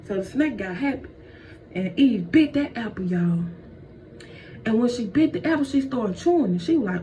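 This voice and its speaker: A woman's voice: a little high, animated, moderate pace, darkish tone. A woman telling a comedic story in a casual, slangy way, calling her listeners y'all, recorded dull and distant with faint noise.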